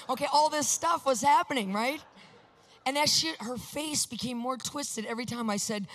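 A woman giving an animated faith testimony, acting out quotes with sudden shouts and hushed asides. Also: sits high, fairly quick.

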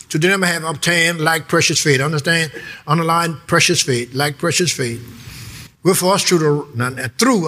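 A man's voice: fairly high pitch, pushed and bright. A man preaching a sermon, emphatic and repetitive, reading verses and calling on the congregation to answer back.

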